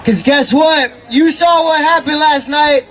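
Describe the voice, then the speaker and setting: High-voiced man rousing a rally crowd. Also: a little slow. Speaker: rally emcee. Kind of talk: shouted rally speech. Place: outdoor street protest. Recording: loud crowd noise. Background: cheering crowd.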